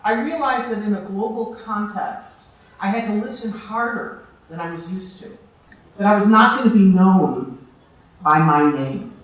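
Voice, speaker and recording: A woman giving a storytelling speech to an audience, expressive and deliberate with dramatic pauses. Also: mid-range voice. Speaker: keynote speaker. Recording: very echoey hall, distant mic.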